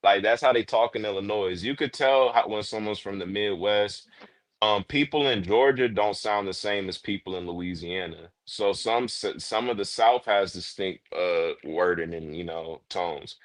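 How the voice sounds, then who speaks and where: A man with a Bay Area Californian accent and a slightly low voice. He explains his points in an emphatic way, full of slang, during a casual panel chat. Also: moderate pace.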